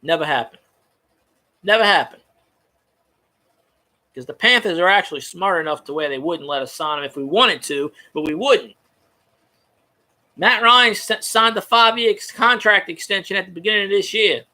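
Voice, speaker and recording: A man's voice: sits high, normal speed, pauses often, pushed and bright. A young man in casual sports talk, ranting with profanity and frequent stumbling restarts.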